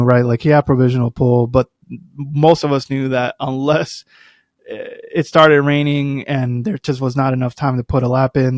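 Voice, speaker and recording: A man's voice: medium pitch, vocal fry, dry recording, clean studio sound. A man hosting a podcast, giving a casual solo commentary, chatty and rambling with lots of fillers and asides. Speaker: podcast host.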